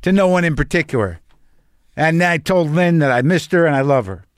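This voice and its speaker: A man in his fifties talks straight into a close, dry mic, his voice a touch higher than most men's. He rambles in a wry, confessional way, mixing profanity with earnest musing, like a host opening his show. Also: lively intonation, a little fast, no room sound. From New Mexico. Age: 50s. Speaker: podcast host. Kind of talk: casual monologue.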